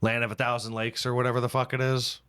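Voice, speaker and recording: A male podcast host in casual comedic chat, with a voice of middling pitch. He rambles, swears freely and pokes fun at himself as he reads and riffs. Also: flat delivery, quick pace, bright, forceful tone, smooth. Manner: rambling, profane, self-mocking.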